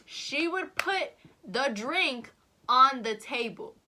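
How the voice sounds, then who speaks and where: A young woman vlogger telling a story to the camera in a lively, animated way. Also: high-pitched, slow pace, slight background noise. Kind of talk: casual storytelling chat.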